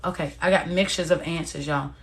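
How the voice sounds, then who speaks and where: Her low-pitched voice holds a steady tone and moves fairly quickly. As host of a motivational live stream, she speaks right to her audience with warm encouragement, reading out comments and repeating herself casually.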